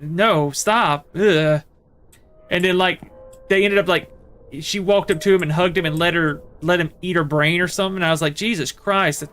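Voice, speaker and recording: Male game streamer, slightly high pitch, chatty and meandering storyteller. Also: fairly even intonation, fast, a bit bright, slight background noise. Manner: rambling storyteller, many fillers and restarts. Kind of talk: casual chat while playing a horror game.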